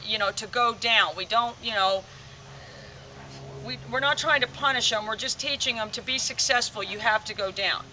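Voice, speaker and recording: A woman dog trainer walks viewers through an outdoor training lesson, explaining each step plainly. Her voice is very bright, and it is picked up from a distance with a faint hiss in the background. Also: fairly high pitch. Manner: explains steps plainly, addresses viewers directly. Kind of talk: instructional training demo. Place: outdoors on a rural training field.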